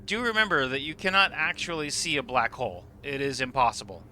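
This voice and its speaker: A man's voice: medium pitch, brisk, bright, forceful tone, a little hiss or hum. A man streaming a game live, explaining what he sees with enthusiasm and casual swearing. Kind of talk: live gameplay commentary.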